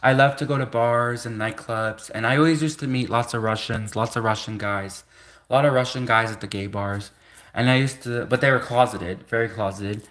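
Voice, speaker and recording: A man's voice: medium pitch, fairly even intonation, moderate pace, a bit bright. A man in his thirties on a livestream, rambling casually with lots of fillers and restarts. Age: 30s. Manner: rambling, many restarts and "like" fillers, laughs between thoughts. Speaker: livestream host.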